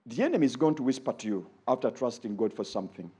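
A male preacher delivers a sermon with a lively, swooping delivery. His voice carries a husky edge. He jumps up high when he acts out quoted speech, then sinks low and quiet for asides. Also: fast talker. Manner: animated preaching, rising to high exclaims when quoting and dropping low for asides.

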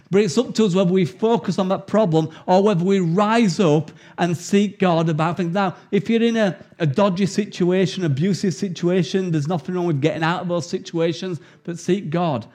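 A man's voice: sits high, normal speed. A man with an English accent preaching a sermon, telling stories with laughter and reading scripture earnestly. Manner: anecdotal storytelling, animated and laughing.

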